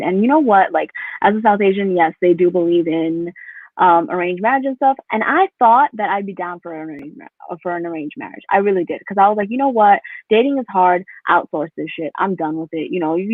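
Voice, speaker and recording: Young New comic, rambling and giggly, over a tinny video-call line. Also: female voice, medium pitch, dry recording. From New York. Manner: rambling, filler-heavy, laughs at own jokes. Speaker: stand-up comedian. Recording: tinny phone-like call audio, dry.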